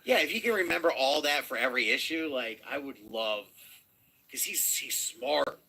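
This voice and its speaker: A man's voice: mid-range voice, lively intonation, moderate pace, creaky, sharp tone, a little hiss or hum. A man casually chatting on a comics livestream, rambling through stories and talking to his cat. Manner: rambling, talks baby-talk to his cat. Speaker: podcast co-host.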